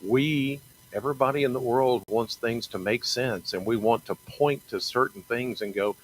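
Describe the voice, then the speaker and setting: A middle-aged man talking earnestly about his faith in a halting, personal monologue, often repeating and restarting phrases. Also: mid-range voice, slight background noise, low-quality recording. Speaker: TV meteorologist sharing faith talk.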